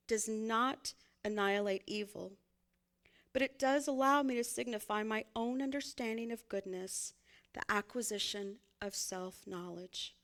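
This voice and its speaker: A woman's voice: medium pitch, measured pace, fairly bright tone. A woman minister, giving a conversational, folksy sermon and laughing often as she speaks.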